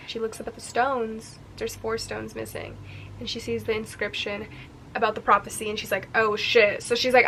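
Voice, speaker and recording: A young woman in her twenties recapping a book in a casual reading vlog, excitable and chatty, acting out the characters' lines as she goes. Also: fairly high pitch, slight background noise, poor audio. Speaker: book vlogger.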